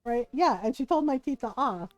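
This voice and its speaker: Woman streamer, chatty and giggly, fairly high pitch, dry close sound, soft music underneath. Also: moderate pace, dry recording, lo-fi sound. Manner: animated storytelling, giggles often, mimics family. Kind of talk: casual chat while gaming.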